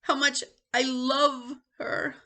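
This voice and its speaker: A woman's voice: high voice, little pitch movement, slow pace, voice pushed up, full character voice. A woman playing Jonathan, a tearful cornered boy. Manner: pleading and shouting through tears. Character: frightened, grief-stricken boy pushed to tears.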